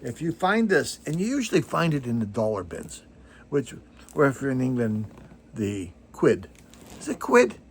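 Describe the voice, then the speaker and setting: A man's voice: medium pitch, expressive, normal speed, a little hiss or hum. An older man hosting a vinyl record channel, chatting casually to camera in a rambling, self-deprecating way, full of digressions and fillers.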